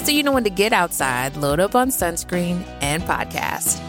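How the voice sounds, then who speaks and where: A woman's voice: fairly low pitch, very animated, moderate pace. A woman reading a scripted radio-style ad in an upbeat way. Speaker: ad announcer. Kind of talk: scripted ad read. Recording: music under the read.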